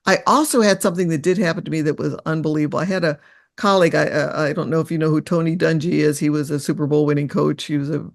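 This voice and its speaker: An older woman, a guest in an interview, telling personal stories in an earnest, reflective, halting way. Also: sits low, steady tone, creaky.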